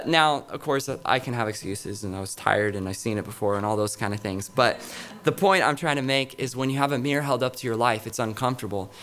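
A man's voice: mid-range voice, fairly bright tone. A middle-aged male pastor giving a sermon in a conversational, storytelling way, with many fillers and restarts. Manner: conversational, anecdotal preaching with frequent fillers.

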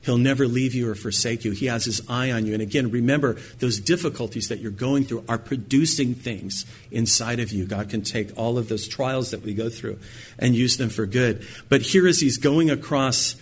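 A middle-aged man preaching a sermon, acting out quoted lines with sudden high, loud bursts. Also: normal speed, a little hiss or hum. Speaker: pastor.

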